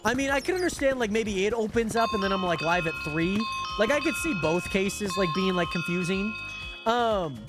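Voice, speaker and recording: A young man live-streaming a game, chatting excitably to his viewers and greeting them by name, with lots of "like" and "hold on". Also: sits high, moderate pace, music in the background. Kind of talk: casual livestream chat while gaming.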